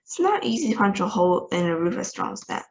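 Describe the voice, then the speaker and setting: A woman reading a storybook aloud, voicing an eccentric, excitable male chocolatier in a bouncy, theatrical way. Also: fairly low pitch, fast talker, dull audio. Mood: excited.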